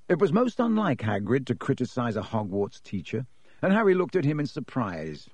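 A man narrating a children's novel as an audiobook reader, telling the story in a lively way. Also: mid-range voice, normal speed, husky, dry recording. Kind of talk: scripted narration.

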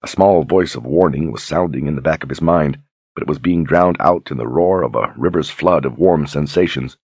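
Very deep, husky male audiobook narrator. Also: moderate pace, darkish tone, dry recording. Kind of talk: scripted narration.

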